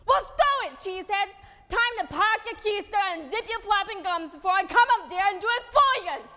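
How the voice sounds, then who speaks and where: A woman doing a brash, over-the-top lady teacher, very high and lively, echoey hall. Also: normal speed, heavily acted. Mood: tough scolding. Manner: loud, brash, exaggerated. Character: zany, theatrical female teacher showing off accents.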